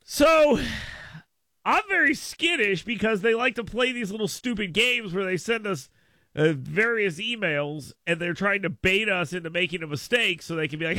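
Male talk-radio host, higher, bright tone, dry studio mic, animated emphatic delivery. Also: normal speed, dry recording. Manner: animated storytelling, jumps up in pitch and volume for emphasis. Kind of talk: casual talk radio monologue. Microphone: studio microphone.

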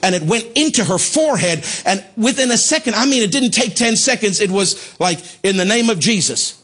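Husky impassioned preacher man. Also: sits high, lively intonation, a little fast. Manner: impassioned, voice climbing to shouts at climaxes. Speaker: pastor. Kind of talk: sermon storytelling.

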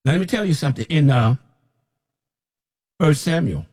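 A man's voice: a little high, expressive, normal speed, darkish tone. A man who calls himself a prophet, preaching in a blunt, scolding and rambling way, often repeating himself. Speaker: self-described prophet. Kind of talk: preaching to camera.

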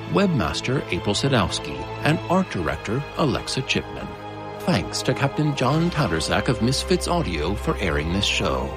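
A male narrator reading the production credits in a measured, formal way. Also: fairly low pitch.

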